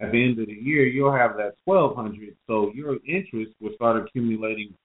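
A man's voice: mid-range voice, brisk. A man co-hosting a podcast who explains money ideas step by step, restating his points as he goes. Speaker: podcast co-host. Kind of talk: casual conversational advice. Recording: phone-like lo-fi recording.

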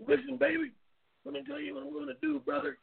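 A man doing a fast, high-pitched impression of a brash pro wrestler with blustering catchphrase bravado. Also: level tone, gravelly, full character voice. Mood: pumped up. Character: brash hyped-up male pro wrestler, booming. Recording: tinny phone-like line.

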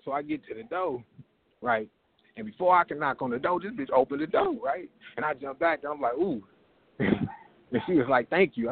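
A man's voice: high voice, brisk, vocal fry, slightly rough, narrow, tinny audio. A man at an open mic line, telling a profane comic story and acting out the voices in it over the phone. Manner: animated, acts out voices in his story. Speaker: open mic comedian calling in.

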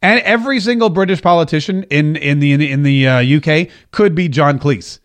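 Male host, higher-pitched, emphatic and repetitive in his political commentary. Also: a little fast. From United States. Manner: emphatic, repeats phrases for stress. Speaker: podcast and radio host.

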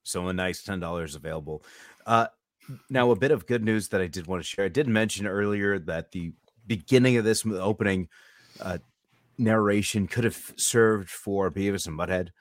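A man's voice: low-pitched, moderate pace, dry recording. A man hosting a podcast, chatting casually, joking and asking his co-hosts questions. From California. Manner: jokey, rambling, asks the guests questions. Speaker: podcast host.

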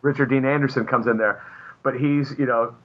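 A man's voice: medium pitch, steady tone, a little fast, highs cut off. A man who is a comic book artist, a guest chatting casually and rambling with many fillers. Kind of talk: casual chat.

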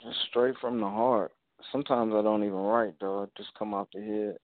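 A man from Alabama with an Alabama twang, a rapper guest talking casually in laid-back slang and giving shout-outs. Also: lowish voice, steady tone, a little fast, no room sound. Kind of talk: casual interview over a call. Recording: tinny phone-like call audio, dry.

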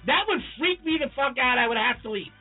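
Excitable co-host, man, very high voice, fast profane patter, phone-line sound. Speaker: podcast co-host. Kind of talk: casual chat. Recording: tinny phone-like audio.

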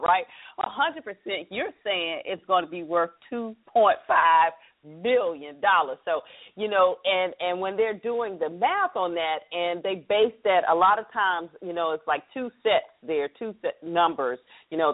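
A woman hosting a talk radio show, chatty and upbeat, explaining things to her listeners. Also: on the low side. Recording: tinny phone-line broadcast.

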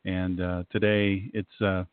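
A man's voice: low-pitched, flat delivery, takes it slowly, clear, resonant tone, no room sound. A man with a Southern accent hosting a faith and politics talk show in a folksy, rambling, fired-up way. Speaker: talk show host and pastor. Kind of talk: casual radio talk. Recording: tinny dry phone-line audio.

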